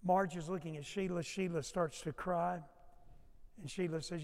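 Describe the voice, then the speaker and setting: A male pastor preaching a sermon, moving from loud urgent passages to low hushed asides. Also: fairly even intonation, moderate pace. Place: church sanctuary. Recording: long hall reverb.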